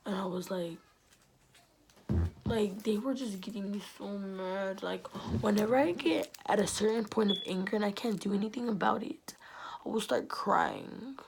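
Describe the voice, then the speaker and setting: A woman's voice: mid-range voice, moderate pace, vocal fry, noisy background. A teenage girl telling a storytime vlog in a chatty, slangy way, often dropping to a whisper. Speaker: vlogger.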